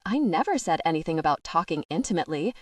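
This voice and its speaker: A woman's voice: low voice, big pitch swings, fast, no room sound, recorded from a distance. Woman doing a teasing southern teen guy, keeps pushing, dry sound a bit off mic. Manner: teasing and persistent.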